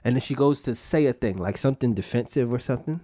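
A man's voice: fast talker, mellow. A young adult man hosting a podcast, telling profane jokey stories in a loose casual rant. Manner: loose, profane, jokey storytelling with sudden pitch jumps. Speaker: podcast host.

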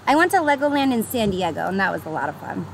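A young woman with a New York accent, chatting casually and brightly with her live-stream viewers, greeting them by name and laughing often. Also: mid-range voice, very animated, quick pace. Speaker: livestreamer. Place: outdoors by the water on a pier. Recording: noisy outdoor stream with traffic.

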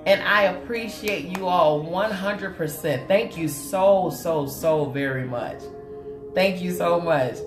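A woman from Oklahoma hosts a makeup livestream, chatting with viewers in a sassy, playful way and calling out to them by name. Her voice is lowish and she takes it slowly. The sound is roomy, with faint music.

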